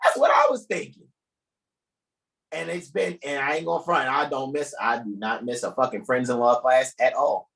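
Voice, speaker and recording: A man's voice: mid-range voice, lively intonation, moderate pace, creaky, a bit bright, low-quality recording. A man hosting an online study group over a video call, lecturing in a profane, emphatic, joking way. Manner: profane, emphatic, preachy with jokes.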